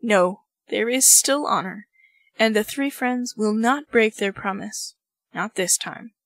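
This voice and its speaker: Proud general, deep and monotone, woman reading; clean dry sound. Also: takes it slowly, no room sound. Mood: furious. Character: stern male general, proud and intense.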